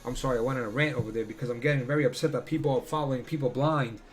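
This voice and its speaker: A man's voice: mid-range voice, fairly even intonation, racing. A man doing casual crypto chart analysis, blunt and profane, who slips into heated rants. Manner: blunt, swearing, ranting.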